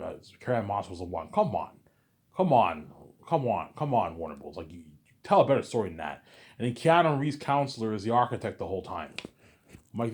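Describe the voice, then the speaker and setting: A man's voice: lowish voice, a little mellow, slight background noise. A man vlogger ranting in a casual monologue, repeating himself and swearing freely. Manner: repetitive, profane ranting.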